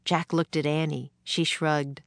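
A woman reads a children's storybook aloud at an unhurried pace. Her voice sits low, and the recording is close and dry with no room around it. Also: level tone, creaky, no room sound. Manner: slow, gentle read-aloud pacing. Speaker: narrator. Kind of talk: storybook reading.

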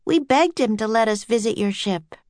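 A woman's voice: fairly high pitch, expressive, normal speed, a little mellow, no room sound, pitched above the performer's own voice, natural voice. A woman voicing Annie, an eager, bold young girl who pipes up. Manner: piping, eager.

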